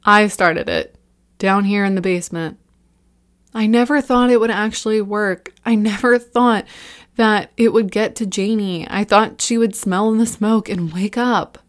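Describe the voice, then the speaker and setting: A woman's voice: mid-range voice, a little slow, natural voice. Horror story reading: a bitter, panicked young man near tears, voiced by a woman narrator.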